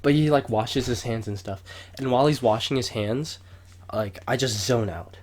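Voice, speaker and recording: This young man's mid-range voice moves at a moderate pace as he co-hosts a podcast. In casual chat he rambles through a long tale, swears often, and gets loud when acting out quotes in a lively way.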